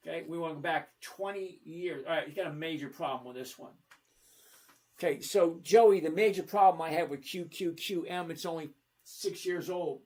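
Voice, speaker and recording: A man with a high-pitched voice hosts a livestream, answering viewer questions in casual chat about stocks. He talks slowly, steadily and emphatically, repeatedly saying "okay?" to check that viewers understand.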